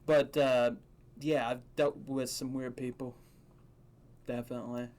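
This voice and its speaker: A man's voice: medium pitch, level tone, unhurried, a little mellow. A young man co-hosting a podcast, telling crude stories in casual chat and laughing often. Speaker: podcast co-host.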